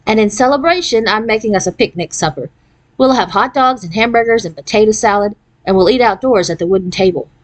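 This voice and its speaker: A woman's voice: medium pitch, fast talker, lightly acted. A woman voicing a firm, rule-loving mother of ten in a storybook reading. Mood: cheerful. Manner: firm, matter-of-fact.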